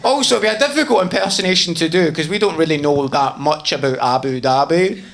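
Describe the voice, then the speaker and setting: A man's voice: on the high side, quick pace, a bit bright. A man telling a story in a stand-up set on a comedy stage, self-mocking and sweary. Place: comedy stage before an audience.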